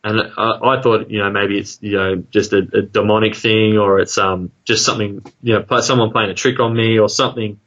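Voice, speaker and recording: A man's voice: on the low side, muffled recording. Australian man telling a rambling story. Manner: rambling, many fillers, quick voiced asides in excitement. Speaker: guest telling an encounter story. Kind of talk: casual storytelling.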